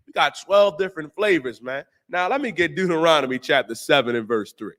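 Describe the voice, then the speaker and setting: A man hosting a talk show, preaching on scripture in slangy, emphatic speech and drawing out the verses slowly. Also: a little high, lively intonation, a bit bright. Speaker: host and teacher.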